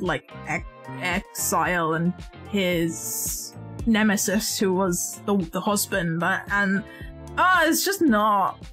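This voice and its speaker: A woman's voice: medium pitch, fairly bright tone. A woman streaming live, chatting casually while she crochets, rambling and often restarting her sentences.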